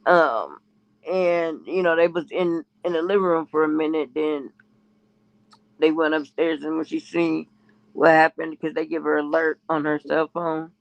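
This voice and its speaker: A man with a fairly high, gravelly voice tells a rambling gossip story, jumping his pitch up whenever he quotes someone else. The sound is muffled and lo-fi. He keeps restarting his sentences in a loose, casual way. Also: fairly even intonation, measured pace. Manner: rambling, restarts often, quotes others in a raised voice. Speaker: podcast co-host. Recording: muffled lo-fi audio.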